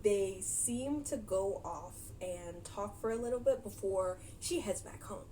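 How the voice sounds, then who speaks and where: A woman's voice: medium pitch, unhurried, mellow, slight background noise. A young woman casually recapping a movie for her vlog, chatty and giggly, animating her retelling. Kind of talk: casual chat.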